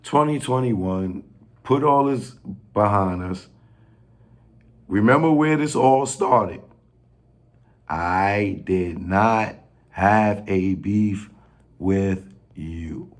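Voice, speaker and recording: New guy ranting slow to the camera, lowish voice, jokey and pleading, voice cracks up high when he gets heated. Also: darkish tone. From New York. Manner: slow, pleading, street slang, laughs at own jokes, pitch jumps when worked up. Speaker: filmmaker addressing industry figures. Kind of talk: casual direct-to-camera rant.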